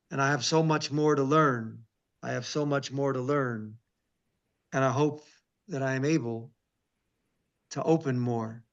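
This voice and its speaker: A man, a rabbi, reading scripture aloud slowly and with emphasis, stopping to comment and ask searching questions in a devotional conversation. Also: mid-range voice, a bit bright, dull audio. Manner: reads scripture slowly and emphatically, breaks off with asides. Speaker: rabbi, interview guest.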